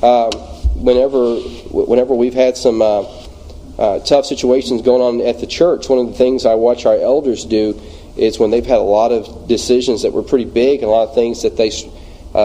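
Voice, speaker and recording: A man from Louisiana, with a Southern accent, leads an informal Bible study at his church. His voice is warm and mellow, sitting at a middling pitch. He speaks haltingly, full of fillers and false starts. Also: rough recording. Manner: halting, many fillers and restarts.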